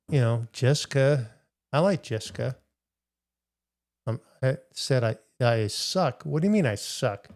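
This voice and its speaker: A man's voice: mid-range voice, animated, a little slow, a little mellow. A middle-aged man hosting a casual livestream, rambling through a story and answering viewers in the chat. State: recovering from hip replacement. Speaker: livestream host.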